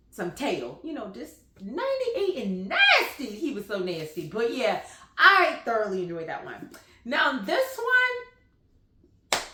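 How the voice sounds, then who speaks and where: A woman chatting casually about books she read, animated and full of "like" fillers. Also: mid-range voice, reverberant, slight background noise. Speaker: book vlogger. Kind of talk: casual book review chat.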